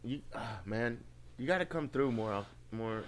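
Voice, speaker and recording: A man hosting a casual podcast chat, joking and telling stories in a relaxed way. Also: mid-range voice, normal speed, a crowd in the background. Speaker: podcast host. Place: small home studio.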